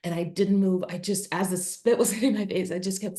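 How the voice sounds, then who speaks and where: A woman's voice: mid-range voice, fairly even intonation, fairly quick, dark tone. A middle-aged woman, a podcast guest, telling a personal story earnestly and emotionally, acting out what she and her son said. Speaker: podcast guest, author and speaker. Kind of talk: candid interview storytelling.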